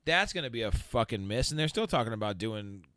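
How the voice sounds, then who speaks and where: A man's voice: mid-range voice, big pitch swings, brisk, sharp tone, no echo, clean studio sound. Profane, heated man ranting. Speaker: podcast host. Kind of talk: casual podcast rant.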